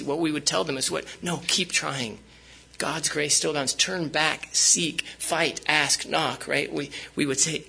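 A man's voice: a little high, steady tone, a little slow, gravelly, bright, forceful tone, breathy edge, rough recording. A man preaching a sermon as pastor, speaking conversationally with frequent fillers and restarts.

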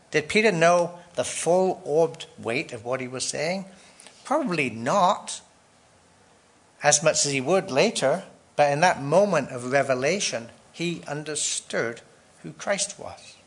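Slow, deliberate higher-voiced male preacher. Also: lively intonation, a bit bright. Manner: emphatic, with rhetorical questions and dramatic pauses. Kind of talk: expository sermon.

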